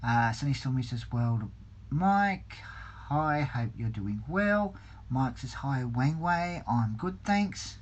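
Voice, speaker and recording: Slow, hesitant man hosting a livestream. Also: medium pitch, lively intonation. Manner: slow, hesitant, many ums and restarts. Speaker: livestream host. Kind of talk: casual livestream chat, reading out viewer comments. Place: home hobby room.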